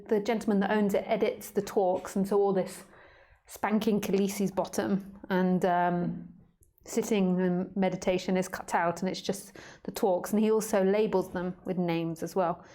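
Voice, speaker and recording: Female stream host, unhurried and playful, casual chat from home on a webcam mic. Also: mid-range voice, flat delivery, warm tone. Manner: playful, chatty, many fillers. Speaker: live stream host and spiritual teacher.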